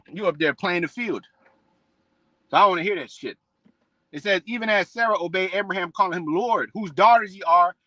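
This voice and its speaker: High, bright-voiced man preaching bluntly. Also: no echo, rough recording. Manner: blunt, repetitive, calls listeners "man" and "bro". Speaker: religious preacher. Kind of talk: profane preaching rant.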